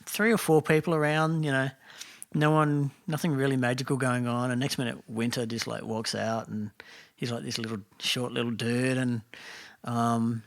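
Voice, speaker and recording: A man's voice: mid-range voice, flat delivery, moderate pace. An Australian man, a podcast guest, telling a casual story with lots of fillers and restarts. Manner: rambling, many fillers and restarts.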